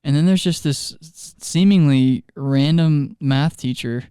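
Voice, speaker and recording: A youth ministry leader chatting casually on a podcast, telling stories and laughing often mid-sentence. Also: male voice, on the high side, a little slow, mellow, clean tone, dry recording, clean studio sound.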